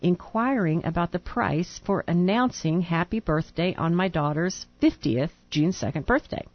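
A woman's voice: fairly low pitch, animated, normal speed, dull audio. A woman co-hosting a radio show, reading a listener's letter aloud and breaking off to laugh. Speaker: radio co-host.

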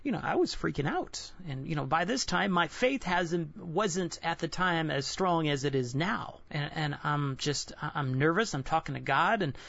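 Man in his twenties, devotional sermon, candid, halting delivery, lo-fi, dry. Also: a little high, animated, creaky, fairly bright tone, dry recording. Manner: earnest, candid, halting with frequent restarts. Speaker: Christian devotional speaker. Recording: dull lo-fi dry recording.

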